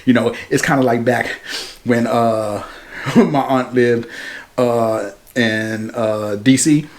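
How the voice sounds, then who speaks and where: Dude doing a laid-back movie review, slangy, acting out bits, mid-pitched voice. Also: male voice, takes it slowly. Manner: animated plot retelling with slang and acted-out quotes. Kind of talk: casual spoken film review.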